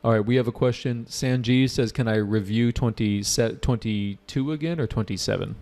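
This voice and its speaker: Gravelly-voiced man teaching a test prep class. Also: mid-range voice, normal speed, darkish tone. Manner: casual, joking, reads out student questions. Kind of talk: live online class.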